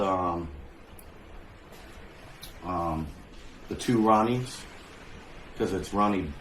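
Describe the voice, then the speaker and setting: A man's voice: lowish voice, a little hiss or hum. A man hosting a casual dinner conversation at home, telling a long story in a rambling way, full of fillers and chuckles. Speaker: host. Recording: roomy room sound.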